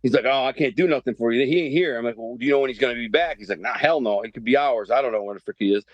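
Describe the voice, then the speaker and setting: A man in his fifties from the Detroit area, telling a story as a podcast guest in animated, profane street slang. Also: medium pitch, rapid-fire, no echo, highs cut off. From Detroit area, Michigan. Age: 50s. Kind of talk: storytelling interview.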